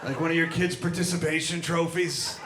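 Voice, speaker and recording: A middle-aged man doing a stand-up set on a club stage, with dark, deadpan crowd work and acted-out voices. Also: fairly high pitch, normal speed, background noise. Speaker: stand-up comedian. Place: comedy club stage before a live audience. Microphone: handheld stage mic. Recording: live club recording, loud crowd laughter.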